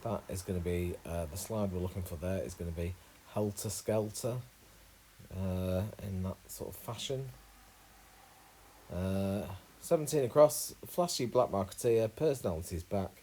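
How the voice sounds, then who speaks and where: Relaxed man solving a crossword. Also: deep voice, moderate pace, a little hiss or hum, poor audio. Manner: relaxed, thinking aloud with many uhs. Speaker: crossword solver. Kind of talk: casual crossword walkthrough.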